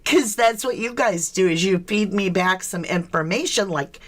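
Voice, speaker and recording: A woman's voice: mid-range voice, normal speed, hardly any pauses. A woman from the States, hosting a casual true crime livestream, chatty and questioning as she greets viewers. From southern United States.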